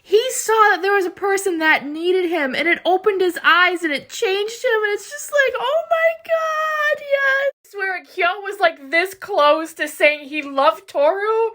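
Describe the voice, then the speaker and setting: A young woman reacting to an anime, gushing and swinging between outrage and tearful excitement, with some swearing. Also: very high-pitched, measured pace, few pauses. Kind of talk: emotional reaction vlog.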